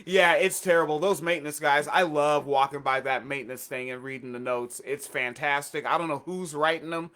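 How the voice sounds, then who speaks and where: A man's voice: a little high, fairly even intonation, brisk, hardly any pauses, a bit bright. A man co-hosting a casual radio chat, blunt and profane, with a sarcastic, ranting way of talking. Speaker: co-host.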